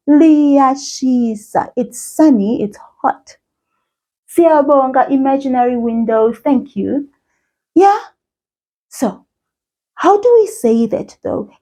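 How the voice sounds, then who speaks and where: A woman with a high, light voice runs a language lesson for young children. She talks slowly and cheerfully, in a sing-song way, as if straight to a small child watching. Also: mellow, slightly rough. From South Africa. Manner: cheerful, slow and sing-song, speaking directly to a child viewer.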